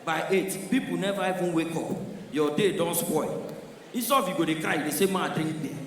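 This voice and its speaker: Nigerian comedian guy doing standup in pidgin, acting out characters, high voice, echoey hall from far away. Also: brisk, a little hiss or hum. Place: live comedy show venue.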